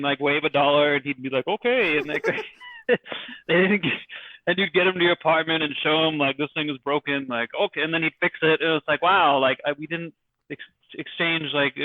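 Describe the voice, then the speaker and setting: Casting: male podcast guest, halting and crude, over a thin phone-like line with no room sound. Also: fairly high pitch, no echo. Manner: halting, many restarts, crude swearing. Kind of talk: casual podcast chat. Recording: dry, phone-like call audio.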